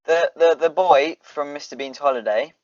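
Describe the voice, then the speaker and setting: A man's voice: fairly high pitch, normal speed, darkish tone, no echo. A young man co-hosting a casual film review podcast, easygoing and trailing off while searching for names. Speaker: podcast co-host. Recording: dry, dull lo-fi home recording.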